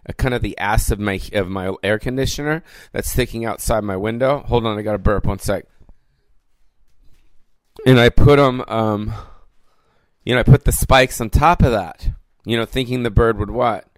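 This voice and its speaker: A man's voice: mid-range voice, no echo. A man hosting his own podcast alone, rambling casually and cursing constantly, with lots of ums and asides. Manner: rambling, profane, lots of fillers. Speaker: podcast host. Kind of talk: casual solo rant. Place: recorded alone without producers.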